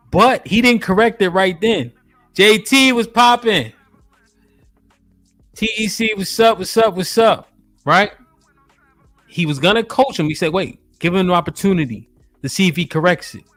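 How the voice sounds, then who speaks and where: Slangy male streamer, high-pitched. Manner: animated, slangy, greets chat viewers by name. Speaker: streamer host reacting to a video. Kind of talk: casual live-stream commentary.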